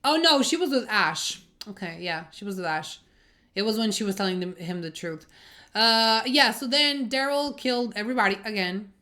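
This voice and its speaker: Bright-voiced chatty woman reviewer. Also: mid-range voice, moderate pace. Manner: chatty and expressive, swears freely, drops in exclamations; rambling, thinks out loud with restarts. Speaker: TV series reviewer. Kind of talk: casual spoken review vlog.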